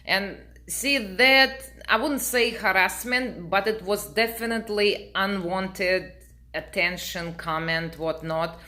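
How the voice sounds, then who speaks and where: A middle-aged woman, native Russian speaker, telling a story to her camera in a dry, deadpan way. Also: mid-range voice, slow. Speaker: vlogger.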